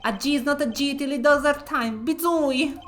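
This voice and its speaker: A woman voicing a brash young male gangster with a put-on Russian-sounding accent, loud and swaggering. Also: high-pitched, moderate pace, faint music behind, natural voice. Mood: cocky.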